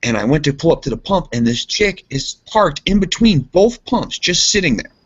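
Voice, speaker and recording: A man co-hosting a casual podcast, telling a rambling story and jumping into high voices for quotes. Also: very animated, moderate pace, husky. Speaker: podcast co-host. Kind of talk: casual chat. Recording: dull lo-fi sound.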